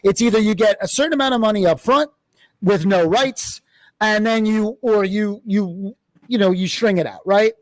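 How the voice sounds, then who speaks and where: A man with a notably high voice hosts an interview, talking things through quickly and restarting his sentences as he works out his point. The sound is close and completely dry, with no room around it. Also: dry recording. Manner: quick, reasoning aloud, with restarts. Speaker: podcast host. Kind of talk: conversational interview.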